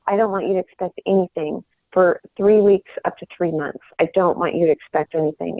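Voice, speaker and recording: A middle-aged woman with a fairly low voice gives a sales coaching talk from home, earnest and rambling, often restarting her sentences. The recording is dry and sounds like a tinny phone line.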